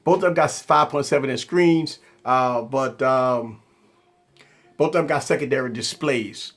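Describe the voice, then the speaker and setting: A man's voice: medium pitch, measured pace. A man hosting a live tech stream, talking in a rambling, repetitive, conversational way and answering viewers. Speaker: tech channel host.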